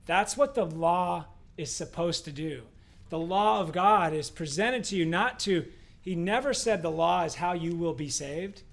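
A man co-hosting a casual faith discussion, telling a story in an animated way with rhetorical questions. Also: high-pitched, measured pace, gravelly. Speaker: co-host.

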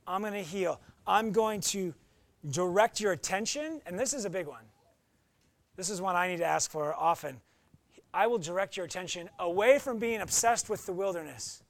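A man's voice: high voice, gravelly, no room sound. A young adult man preaching a conversational sermon as pastor, often acting out quoted voices.

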